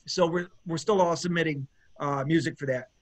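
Male musician guest, high-pitched, rambling and gushing, filler-heavy. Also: steady tone, fairly quick. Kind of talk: casual interview chat.

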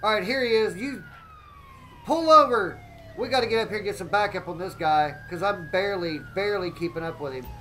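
Excitable high-voiced man streaming a game. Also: fast talker, hardly any pauses, a little hiss or hum, poor audio. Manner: excitable, keeps exclaiming and greeting chat. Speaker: gaming live streamer. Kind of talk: live gameplay commentary.

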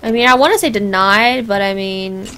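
A woman's voice: medium pitch, normal speed, pushed and bright, a little hiss or hum. A young woman giving rambling, jokey let's play commentary as she plays a game. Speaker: gamer.

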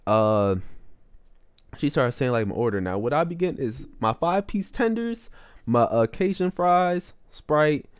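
A man's voice: a little slow, smooth, dry recording, clean studio sound. A young man rambling through a casual storytime monologue in slangy speech, full of fillers. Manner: animated, with sudden jumps up in pitch. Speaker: vlogger telling a story.

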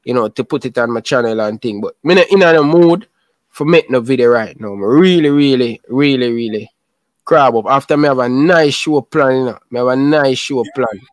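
A man's voice: medium pitch, moderate pace, no room sound. A young man with a Jamaican accent hosting a football channel, talking casually and emotionally in patois with lots of repetition. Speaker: YouTube football channel host. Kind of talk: casual chat.

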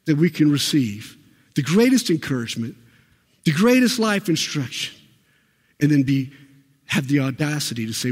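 A pastor with a fairly high-pitched voice fills a large church sanctuary with an emphatic sermon, asking the congregation many rhetorical questions.

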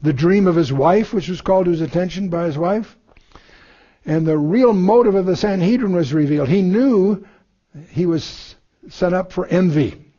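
A man's voice: sits high, normal speed, dark tone, highs cut off. A man giving a verse-by-verse Bible lesson, reading scripture aloud and then explaining it, with many fillers and restarts. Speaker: Bible teacher.

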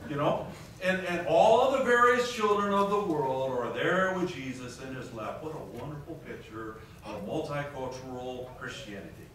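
A pastor delivers a sermon in a large conference hall, reading scripture aloud and posing questions to the congregation. His voice is a little high and fairly bright at a normal speed. The hall is echoey, the mic distant, with faint noise.

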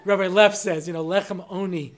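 A man's voice: high-pitched, steady tone. Joking rabbi man, chatty storyteller. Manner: joking storyteller who mimics people in quick exchanges; conversational, with frequent asides asking the listeners if they follow. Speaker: rabbi and lecturer. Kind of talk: humorous lecture to an audience.

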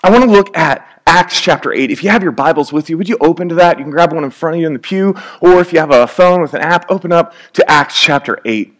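A man's voice: a little high, fast talker, few pauses, a bit bright. A man preaching a sermon in a conversational, joking way, acting out little scenes.

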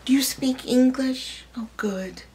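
A woman's voice: sits high, slow pace, dark tone, voice pushed up, low-quality recording. A woman voicing a shy, apologetic young mother. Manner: apologetic and polite. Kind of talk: storybook reading.

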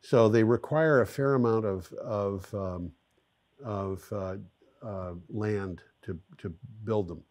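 A man's voice: on the low side, takes it slowly, darkish tone. A man hosting a show, explaining things step by step in a chatty, casual way. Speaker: show host.

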